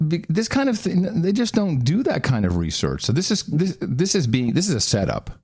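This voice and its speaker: A man co-hosting a podcast, trading quick reactions and reading background facts in casual political talk. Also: fairly high pitch, huge pitch swings, a little mellow, slightly rough. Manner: quick reactive interjections, reads facts aloud. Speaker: podcast co-host.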